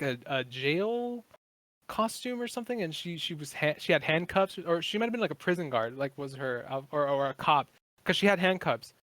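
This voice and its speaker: A man's voice: fairly high pitch, no room sound. A man in his twenties, a podcast guest, chatting casually in a rambling, profane way with many fillers. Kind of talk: casual chat.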